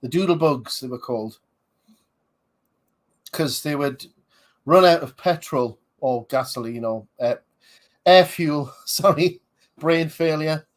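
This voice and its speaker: A man's voice: on the high side, slow pace, long pauses. A man, rambling casually as a podcast host reviewing a film, with many fillers. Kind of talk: casual movie commentary.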